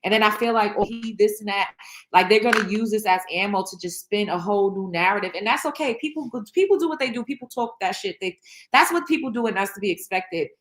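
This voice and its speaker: A woman speaks straight to her viewers in a candid reaction vlog, her pitch sitting in an ordinary middle range. She talks bluntly and emotionally, swears freely and circles back on herself with restarts and fillers. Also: animated, quick pace, a bit bright. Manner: rambling, many restarts and fillers. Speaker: show host.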